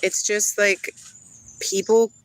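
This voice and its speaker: A woman livestreams casually on her phone from outdoors beside a river, hosting in a playful, dreamy way as she talks about spiritual ideas and reads viewer comments aloud. Her voice is mid-range and level in tone, she speaks slowly, and the audio quality is poor.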